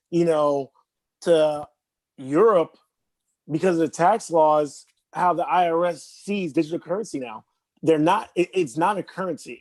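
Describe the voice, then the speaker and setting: Higher-voiced rambling podcast man. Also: darkish tone, dry recording. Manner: rambling, restarts, chuckles. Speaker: podcast co-host. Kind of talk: casual podcast chat.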